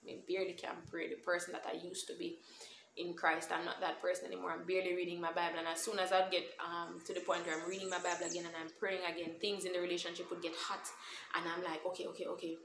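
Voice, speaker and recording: A young Jamaican woman tells her personal testimony in an earnest, emotional way, moving between plain English and patois. Her voice sits a little low for a woman. The recording is roomy and echoey, with faint noise behind it. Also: little pitch movement, quick pace. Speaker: vlogger sharing a testimony. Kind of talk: storytime testimony. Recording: echoey room.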